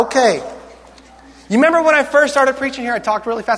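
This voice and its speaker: A man's voice: very high-pitched, very animated, quick pace, fairly bright tone, some chatter behind, slight background noise. A man preaching a sermon to a live congregation, playful and teasing in his asides. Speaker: pastor. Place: large church hall with live audience. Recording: long reverb of a large hall.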